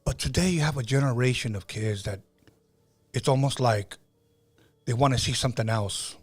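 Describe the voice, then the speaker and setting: A man's voice: medium pitch, normal speed, slightly rough. Middle-aged man hosting a casual podcast. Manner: conversational storytelling with frequent fillers and restarts. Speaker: podcast host.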